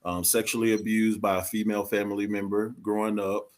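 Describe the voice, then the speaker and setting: This podcast guest has a lowish voice with little pitch variation and talks a little fast. His account is candid and heartfelt, peppered with slang.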